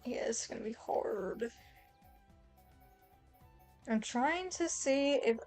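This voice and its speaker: A woman's voice: a little high, lively intonation, slow pace, darkish tone, soft background music. A woman streamer giving casual gameplay commentary, thinking aloud as she lists what she can't do yet.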